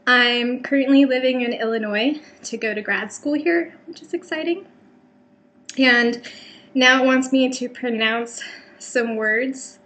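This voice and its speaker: Young American woman from California, vlogger type: rambly, self-deprecating, filler-heavy, a higher, bright voice. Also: unhurried. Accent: General American. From California, Bay Area. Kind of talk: casual vlog chat.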